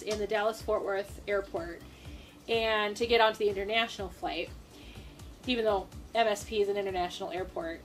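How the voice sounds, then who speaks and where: A young woman from Minnesota telling a personal story to the camera in a casual, animated way, with quick asides and acted-out quotes. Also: mid-range voice. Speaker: storytime vlogger.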